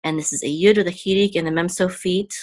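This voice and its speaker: A woman's voice: lowish voice, fairly even intonation, fast, darkish tone, low-quality recording. A woman hosting a Hebrew reading lesson, patiently sounding out words syllable by syllable. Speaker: Hebrew teacher. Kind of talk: slow step-by-step reading lesson.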